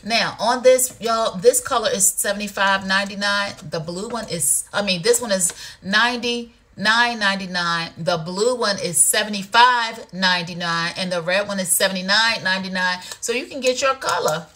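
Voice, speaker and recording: A woman's voice: mid-range voice, moderate pace, hardly any pauses. A woman hosting a live shopping stream, chatting playfully and teasing her viewers. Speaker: livestream shopping host. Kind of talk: casual live sales chat. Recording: loud music underneath.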